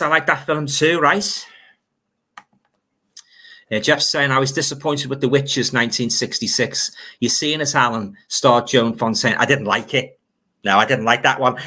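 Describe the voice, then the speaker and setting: A man's voice: mid-range voice, bright, forceful tone. An older man with a Liverpool accent hosting a casual livestream, reading out viewer comments and rambling about films. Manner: rambling, reads viewer comments aloud, grumbles. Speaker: livestream host.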